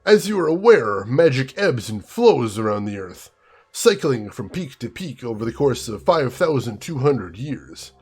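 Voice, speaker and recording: A man voicing a male dragon's envoy with a put-on German accent, speaking slowly and savoring each word. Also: mid-range voice, big pitch swings, husky. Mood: pompous.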